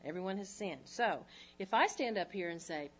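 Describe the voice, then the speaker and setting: A middle-aged woman gives Bible teaching to a room full of women. She talks in a lively, conversational way and keeps asking the room rhetorical questions. Her voice sits at a middle pitch, and the live recording sounds a little dull. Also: moderate pace.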